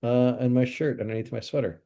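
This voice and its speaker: A man's voice: mid-range voice, steady tone, a little fast, creaky, dark tone. A man who is a pastor, hosting a podcast in easygoing casual chat and rambling through stories. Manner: easygoing, chuckles, rambling storytelling.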